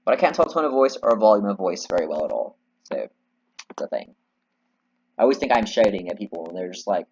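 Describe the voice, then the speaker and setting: A man's voice: on the low side, big pitch swings, quick pace, a little mellow, highs cut off, slight background noise. A man giving casual, rambling and candid commentary while playing a video game, swearing freely. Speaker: video game let's player.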